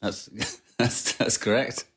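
A man's voice: medium pitch, fairly even intonation, takes it slowly, fairly bright tone, slight background noise. A man chatting as a podcast guest from home, giving dry, laid-back replies. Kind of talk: casual chat. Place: home, remote call.

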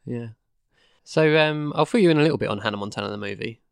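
A man's voice: mid-range voice, quick pace, gravelly, smooth, no echo, studio quality. A man co-hosting a podcast, chatting casually, explaining things and laughing often. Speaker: podcast co-host.

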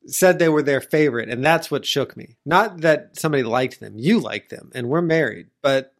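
Co-host with mid pitch who complains in a dry deadpan way, married banter. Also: moderate pace. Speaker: podcast co-host. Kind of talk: casual chat.

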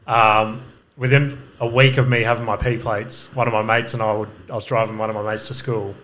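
A man's voice: on the low side, little pitch movement, a little fast, fairly bright tone, a little hiss or hum, rough recording. A man with an Australian accent, a guest comedian telling stories in casual chat, laughing through them and acting out the voices of people he quotes. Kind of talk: casual storytelling.

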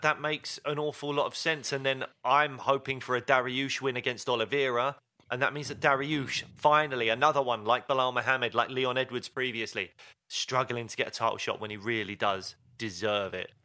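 A man's voice: medium pitch, bright, forceful tone. A man co-hosting a fight podcast, chatting casually and telling stories with lots of fillers. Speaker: podcast co-host. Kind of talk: casual chat.

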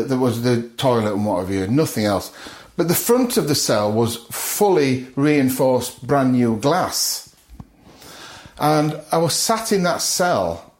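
A man's voice: mid-range voice, darkish tone. Guy, middle-aged, telling his story on a podcast, does everyone's lines, lots of chuckles, echoey room. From north of England. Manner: vivid retelling, acts out other people's lines and chuckles often. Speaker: guest. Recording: roomy echo.

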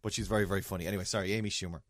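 A man's voice: sits low, steady tone, racing, dry recording, studio quality. A man, a radio host chatting casually, joking and rambling with restarts. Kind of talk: casual chat.

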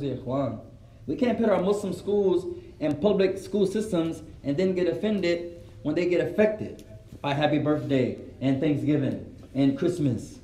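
A man giving a religious lesson to a live gathering, animated, acting out quoted voices and dropping in Arabic phrases. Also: high-pitched. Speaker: Islamic teacher. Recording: roomy echo.

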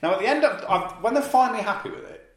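A man with an East Midlands accent, from Leicester, co-hosting a podcast and telling a long anecdote in a lively, laughing way, with the odd swear. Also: high-pitched, very fast, echoey room. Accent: East Midlands English. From Leicester, England. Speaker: podcast co-host. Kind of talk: casual storytelling chat.

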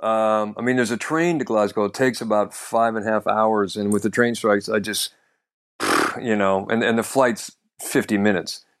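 A man's voice: lowish voice, steady tone, moderate pace, a bit bright. A man co-hosting a comedy podcast, telling stories in casual chat with many fillers and restarts. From the United States.

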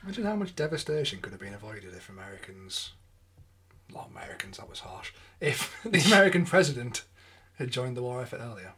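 A man's voice: medium pitch, sing-song, fairly quick, fairly bright tone. A man co-hosting a casual podcast, chipping in with wry remarks and questions. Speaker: podcast co-host.

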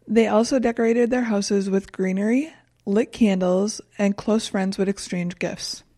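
A young woman co-hosting a casual podcast chat, calmly presenting researched facts with dry humor. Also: medium pitch, unhurried, no echo. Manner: calm, matter-of-fact, dry humor.

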